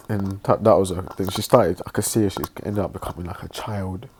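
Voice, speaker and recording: A man telling a personal story in a halting, reflective way, with many pauses and restarts, sounding subdued and emotional. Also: deep voice, noisy background. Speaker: online religious presenter.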